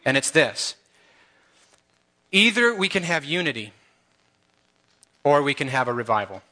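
Church elder, man, fervent sermon delivery, somewhat high and sharp voice. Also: sing-song, unhurried. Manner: earnest, impassioned, talks straight to the congregation.

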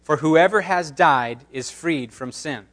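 A man's voice: fairly high pitch, slow pace, a bit bright. A man pastor reading scripture and preaching a sermon with emphatic, impassioned delivery.

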